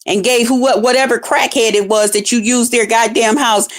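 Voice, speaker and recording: A woman's voice: on the high side, steady tone, normal speed. Scornful woman ranting, cursing nonstop. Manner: heavy constant cursing, scornful, confrontational. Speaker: online streamer. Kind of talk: profane ranting commentary.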